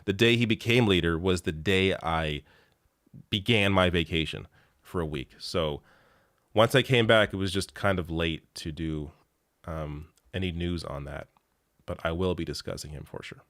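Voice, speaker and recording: A man's voice: sits low, moderate pace, fairly bright tone, no echo, clean studio sound. A man hosting a live show, chatting casually and reading viewer comments in a rambling way, laughing often and swearing freely.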